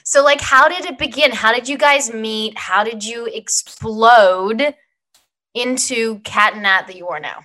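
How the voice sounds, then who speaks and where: A middle-aged woman from Australia with an American accent that still carries faint Australian traces, co-hosting a casual podcast and telling stories quickly. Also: a little high, bright, forceful tone, poor audio. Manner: chatty storyteller, quick asides. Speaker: podcast co-host.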